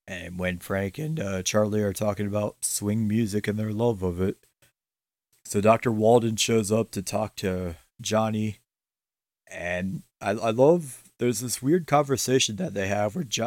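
A man's voice: fairly low pitch, darkish tone, dry recording. A man co-hosting a podcast, chatting casually and enthusiastically about a TV episode, swearing freely and laughing often. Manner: laid-back, profane, enthusiastic, often laughing. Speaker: podcast co-host. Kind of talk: casual chat recapping a TV episode.

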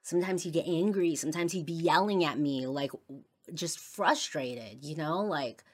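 Low-voiced woman, halting confessional podcast talk. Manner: halting, many fillers, trails off quietly. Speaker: podcast host. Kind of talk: personal confessional monologue.

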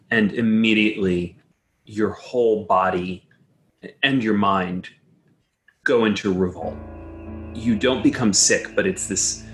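Low-voiced man running a game. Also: a bit bright. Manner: descriptive, prompts players with open questions. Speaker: game master. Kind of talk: narrating a tabletop horror game.

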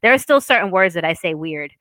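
A woman's voice: lowish voice, animated, fast talker, a bit bright, no echo. A woman from Boston hosting a podcast in casual chat, playful and laughing often. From Boston, Massachusetts. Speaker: podcast host.

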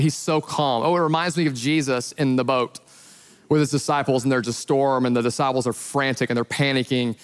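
A man who is a pastor, preaching a sermon as an animated storyteller who acts out the voices in his retellings. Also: on the high side, fast talker, big-room sound.

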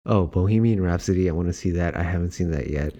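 A man's voice: low voice, quick pace, warm tone, dull audio. A young man hosting a podcast, chatting casually with plenty of fillers. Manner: laid-back, chatty with many fillers. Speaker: podcast host. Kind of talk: casual chat.

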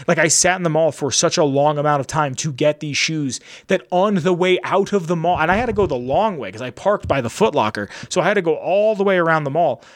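A young man hosting a podcast, telling a long casual story in a rambling way, full of "like" and acted-out dialogue. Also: a little high. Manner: rambling, animated retelling with lots of "like" and quoted dialogue. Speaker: podcast host.

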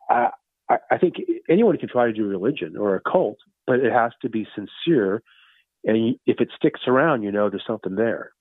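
A man in his fifties, a guest calling in, talking in a loose, rambling and excited way, full of "you know" and "far out". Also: medium pitch, no room sound. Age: 50s. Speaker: guest, founder of a fun-based religion. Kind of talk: casual phone interview. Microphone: phone. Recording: tinny phone line.

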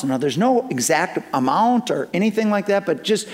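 A man with a somewhat raised pitch delivers a sermon in a church. He tells a story in an animated way and slips into the voices of the people in it for comic effect. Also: moderate pace. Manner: animated, acts out dialogue with humor. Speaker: pastor.

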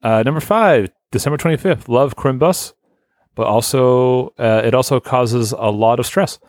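A man's voice: mid-range voice, normal speed, a little mellow, dry recording. A man hosting a casual podcast, reading listener lists in a loose, rambling way and swearing offhand. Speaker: podcast host.

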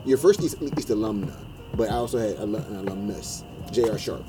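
A man from North Carolina hosting a podcast, talking in a relaxed, reflective casual chat. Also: lowish voice, a little fast, music in the background. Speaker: podcast host.

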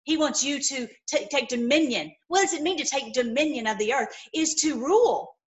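A woman giving an informal, impassioned sermon, swinging between loud outbursts and low murmurs, with many repeated words. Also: moderate pace. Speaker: preacher.

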